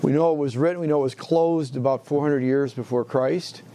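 A man's voice: mid-range voice, steady tone, brisk, dark tone. A man teaching a Bible class in a conversational way, asking the class questions, echoing their answers and restarting phrases as he thinks aloud.

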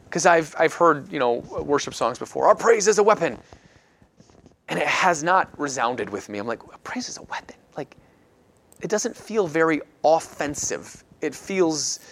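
A man's voice: medium pitch, fairly bright tone. A man leading a casual Bible study talk, earnest and reflective, often restarting his sentences as he thinks aloud. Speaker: discussion leader.

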